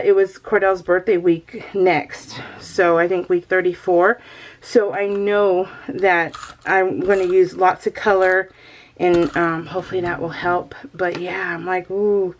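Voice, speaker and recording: A woman's voice: mid-range voice, dull audio. A middle-aged woman talks casually to her viewers from home. She rambles and restarts her sentences and often laughs as she goes. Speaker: crafting vlogger. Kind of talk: casual chat.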